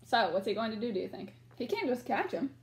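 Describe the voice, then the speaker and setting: A woman teacher reads a picture book aloud to young children and stops often to ask them questions. Her voice is high and very animated, rising and falling a lot. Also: fast, a little hiss or hum. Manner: questioning, encouraging.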